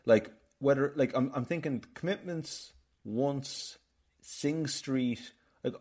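A man's voice: mid-range voice, slow, darkish tone. An Irish man hosting a casual film podcast, rambling and telling stories with lots of restarts. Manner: chatty, rambling, storytelling with many restarts. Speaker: podcast host.

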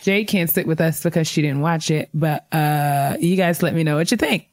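Low-voiced woman co-hosting a podcast. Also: moderate pace. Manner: chatty, laughs often, shout-outs to listeners. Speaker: podcast co-host. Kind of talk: casual podcast chat.

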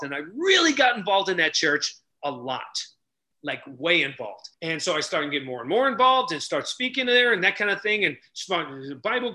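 An energetic middle-aged man telling stories as a podcast guest, acting out the people he quotes. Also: sits high. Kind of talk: animated storytelling.

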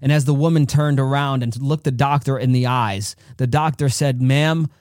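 A man's voice: mid-range voice, steady tone, normal speed, a little mellow, no echo, studio quality. A man hosting a podcast, giving an earnest, direct faith-based motivational talk full of stories. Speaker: podcast host.

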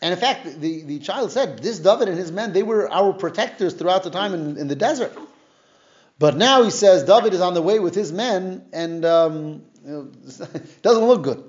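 A man's voice: high-pitched, animated, moderate pace, darkish tone, dull audio. A man teaching a casual Torah class, retelling the story in plain conversational speech and explaining the Hebrew terms he uses. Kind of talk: casual Bible lesson, retelling and explaining verses.

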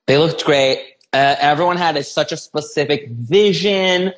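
A man co-hosting a podcast in casual chat, teasing and chatty with quick asides. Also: on the high side, fairly bright tone. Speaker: podcast co-host.

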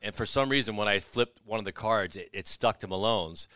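A man's voice: fairly low pitch, a little fast, no echo. A man who works as an arena announcer, telling stories in a casual chat and acting out what others said. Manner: animated, acts out quotes of others. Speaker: arena announcer, podcast guest. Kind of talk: casual storytelling.

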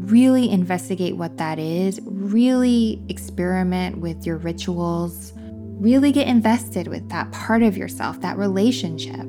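A woman hosts a spiritual advice podcast in a gentle, affirming, soft-spoken way. Her voice sits at a medium pitch, and faint music plays behind her. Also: normal speed. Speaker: podcast host.

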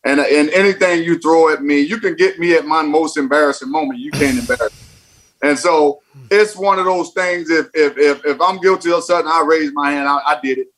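A former baseball player guests on a casual podcast interview, telling stories emphatically and repeating phrases for effect. His voice is fairly high, fairly quick and a bit bright, though the audio is poor.

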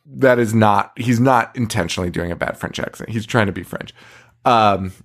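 A man's voice: fairly low pitch, normal speed, a bit bright. A man co-hosting a podcast, recapping a horror movie in casual chat, swearing freely and laughing between lines. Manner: profane, laughing, sarcastic recapping. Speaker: podcast co-host.

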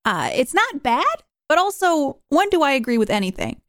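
A woman's voice: high voice, sing-song, moderate pace, a bit bright, no room sound, studio quality. A young woman hosting a podcast, chatting casually and rambling as she reviews a movie. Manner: chatty, rambling, self-questioning. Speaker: podcast host.

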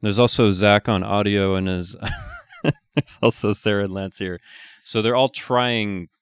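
A man's voice: fairly low pitch, a little slow, clean tone, no echo, clean studio sound. A man co-hosting a podcast, wryly describing what is going on for the listeners. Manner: wry, describing the scene. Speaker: podcast co-host. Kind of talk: casual chat, narrating for listeners.

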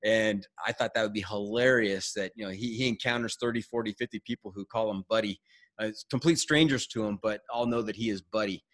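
A man hosting a podcast, telling a hiking story in casual chat, quick and animated with frequent restarts. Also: lowish voice. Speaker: podcast host.

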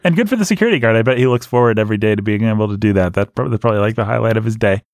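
A man's voice: fairly low pitch, racing, a little mellow, no echo, clean studio sound. A man co-hosting a book podcast in casual chat, joking and laughing often. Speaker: podcast co-host.

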